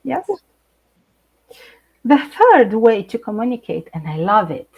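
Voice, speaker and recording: A middle-aged Brazilian woman speaking English with a Brazilian Portuguese accent, an animated guest in a live video chat who laughs often and searches for words. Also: fairly high pitch, a little slow, creaky, slightly rough, dull audio. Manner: animated, laughs often, hesitant non-native phrasing. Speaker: guest speaker, intercultural trainer.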